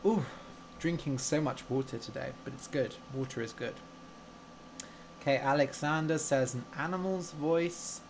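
A man teaching English on a live stream, telling a story slowly and clearly, explaining words and asking viewers questions in a relaxed, chatty way. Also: a little high, a little hiss or hum.

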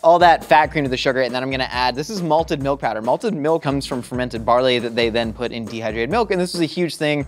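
Fast-talking man hosting a cooking show. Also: medium pitch, slight background noise. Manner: fast, jokey, explains while cooking. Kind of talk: casual cooking chat.

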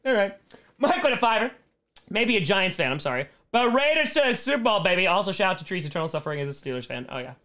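A man in his thirties chats casually on a home live stream, reading viewer comments aloud and riffing on them with sarcastic jokes. His voice sits a little high for a man. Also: sing-song, fast talker, bright, forceful tone. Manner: jokey, sarcastic, reads chat aloud and riffs on it.

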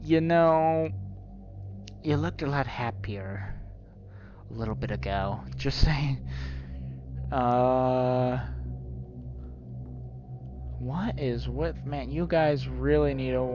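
A man's voice: medium pitch, slow, long pauses, lo-fi sound, over music. A man playing a horror game and commenting, joking at the game's portraits and yelping when startled. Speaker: gaming YouTuber.

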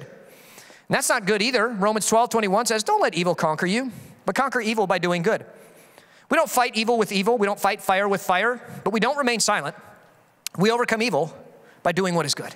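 A male pastor delivers a sermon in a quick, lively rush and often slips into the voices he quotes. His voice sits high and bright. A long hall reverb trails his words. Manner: animated, acts out quoted voices.

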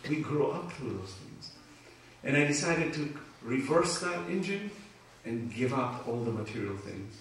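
A man's voice: mid-range voice, measured pace. Man preaching in an echoey hall. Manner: emotional, animated storytelling with laughter. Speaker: Islamic speaker. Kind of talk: lecture with personal stories. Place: community centre hall. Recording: echoey hall, speaker far from mic, faint noise.

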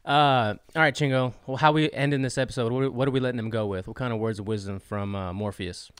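A man's voice: medium pitch, fairly even intonation, fast, a bit bright, clean tone, dry recording, studio quality. A man co-hosting a casual podcast, speaking in a laid-back, joking way. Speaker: podcast co-host.

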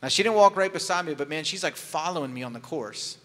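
In a church sanctuary with long hall reverb, a pastor delivers a sermon, his voice on the high side, animated, quick and a bit bright. He tells a personal story candidly and conversationally, adding touches of humor.

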